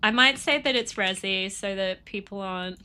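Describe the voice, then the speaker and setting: A woman's voice: medium pitch, moderate pace, bright, forceful tone, slight background noise. A young woman streaming a game and chatting with her viewers, with a stuffy, sniffly nose and a bubbly, chatty manner. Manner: chatty, bubbly, talks to chat. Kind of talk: casual live-stream chat.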